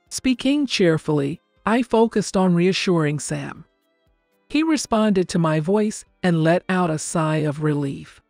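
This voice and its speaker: An older woman narrating a first-person family story in a calm, even, scripted storytelling delivery. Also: lowish voice, unhurried, vocal fry, no room sound, clean studio sound. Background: faint background music.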